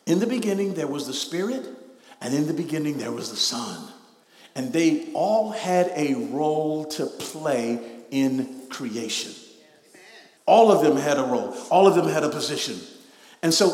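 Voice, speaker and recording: A man preaching a sermon as pastor, building from slow, measured teaching to loud, drawn-out emphasis. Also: a little high. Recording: echoey hall, mic at a distance.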